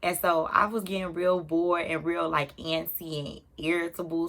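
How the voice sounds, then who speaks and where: A young adult woman telling a personal story to her viewers in an animated, chatty way. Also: deep voice. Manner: animated, talks straight to viewers. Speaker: YouTuber. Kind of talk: storytime vlog.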